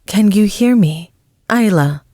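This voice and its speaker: A woman voicing a caring, motherly older woman who gently coaxes and soothes. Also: mid-range voice, lively intonation, takes it slowly, no room sound, studio quality, voice pushed up. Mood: soothing.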